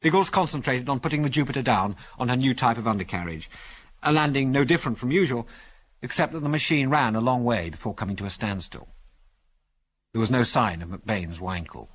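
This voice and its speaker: A man reading an adventure story aloud as narrator, in an expressive storytelling manner. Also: mid-range voice, brisk. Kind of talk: audiobook reading.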